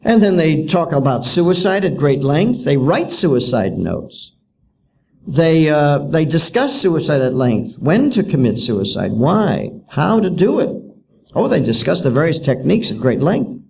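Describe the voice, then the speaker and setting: A man's voice: on the high side, sing-song, measured pace, creaky, a little mellow, a little hiss or hum, poor audio. A man giving a public lecture as an author, indignant and full of rhetorical questions.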